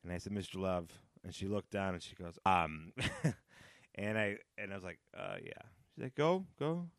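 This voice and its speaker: A man in his thirties hosting a casual solo podcast, rambling and nostalgic with sudden loud high-pitched outbursts. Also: steady tone, moderate pace, no echo, studio quality. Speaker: podcast host.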